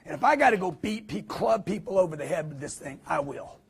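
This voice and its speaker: A man giving a live motivational sales talk to an audience, emphatic and preachy, with punchy repetition and quick acted-out quotes. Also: sits high, lively intonation, creaky, slightly rough. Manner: acts out quotes in put-on voices.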